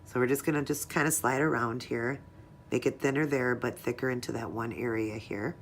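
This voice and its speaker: A woman's voice: rumbling low, steady tone, fairly quick, a little hiss or hum. A woman narrating a casual step-by-step nail art tutorial, chatting to viewers as she works. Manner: chatty, talks to viewers while working.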